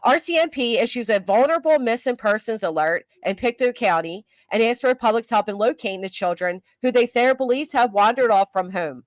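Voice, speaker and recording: A woman's voice: on the high side, a little fast, few pauses, no echo. Chatty older woman streamer, dry close mic. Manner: chatty, self-mocking, talks back to chat. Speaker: YouTube commentary host. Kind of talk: casual live-stream commentary.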